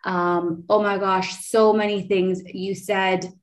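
A woman's voice: mid-range voice, little pitch movement, takes it slowly. A woman in her thirties hosting a podcast, telling a personal story in a chatty way, full of fillers and restarts. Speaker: podcast host.

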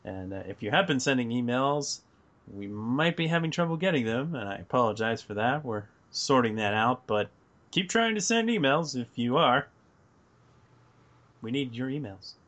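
A man's voice: mid-range voice, expressive, normal speed, fairly bright tone. A man hosting a podcast, casually reading out contact links and chatting with co-hosts. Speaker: podcast host.

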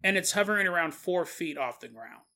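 A man's voice: high-pitched, animated, fairly quick, creaky, pushed and bright. A man hosting a podcast, telling a story in a casual, conversational way with asides to the listener. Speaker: podcast host.

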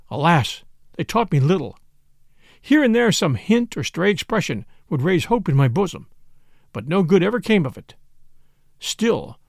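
Gravelly male narrator, lively and grave, close dry studio read. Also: on the high side, dry recording. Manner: grave, impassioned storytelling. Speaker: audiobook narrator. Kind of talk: dramatic first-person narration.

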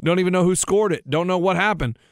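A man, co-hosting a radio talk show and telling a story with lively delivery. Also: high voice, fast, no room sound, studio quality. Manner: animated storyteller acting out a whining child. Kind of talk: casual storytelling chat.

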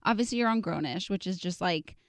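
A woman's voice: on the low side, a little fast, no echo. A woman co-hosting a casual interview, asking loose questions full of fillers. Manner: friendly, rambling questions with many fillers. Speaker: podcast co-host.

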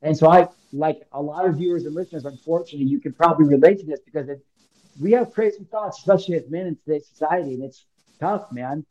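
A man's voice: on the high side, quick pace, darkish tone, highs cut off. A man in his thirties from Illinois, telling a personal story as a podcast guest in a casual, slangy, emphatic way, acting out the lines he quotes. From Illinois, United States.

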